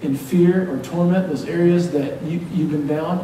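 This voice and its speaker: A pastor preaches a sermon in a church sanctuary, his mellow, somewhat higher voice moving at a moderate pace as he blends jokes with fervent exhortation. He is lively and playful, standing far from the mic while the hall echoes heavily over a faint hiss.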